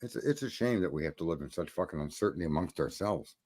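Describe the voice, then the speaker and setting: A man's voice: low-pitched, animated, quick pace, a little mellow. A man hosting a live stream, chatting and telling stories in a blunt, profane, rambling way. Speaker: stream host. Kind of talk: casual chat.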